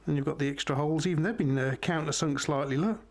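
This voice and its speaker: A man's voice: fairly high pitch, quick pace. A middle-aged man, chatting unhurriedly to viewers as he reviews a knife. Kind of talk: casual product review.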